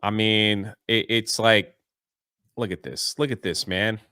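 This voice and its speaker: A man's voice: fairly low pitch, fairly even intonation, slow, pushed and bright, clear, resonant tone, dry recording. A man co-hosting a casual commentary chat, ranting in an exasperated way. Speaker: co-host.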